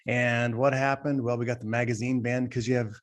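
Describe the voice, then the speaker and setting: A man's voice: medium pitch, flat delivery, fairly quick. A man co-hosting a podcast, talking emphatically and at length, often turning to address the listeners directly. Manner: emphatic, rambling, talks straight to the audience. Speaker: podcast co-host. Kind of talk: casual podcast discussion.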